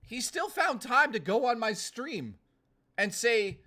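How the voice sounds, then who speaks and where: A man's voice: extremely high pitch, lively intonation, slow pace, sharp tone. A young man live-streaming in casual chat, ranting bluntly with lots of swearing and rambling restarts.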